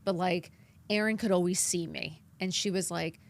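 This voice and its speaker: New York woman in her fifties, animated. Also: fairly low pitch, moderate pace. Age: 50s. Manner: animated, acts out her own past lines in quotes. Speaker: podcast guest. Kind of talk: candid interview storytelling.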